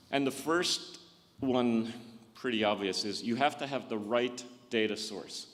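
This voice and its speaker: A man giving a conference talk in a hall, often restarting and repeating words as he thinks aloud. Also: fairly low pitch. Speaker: conference speaker.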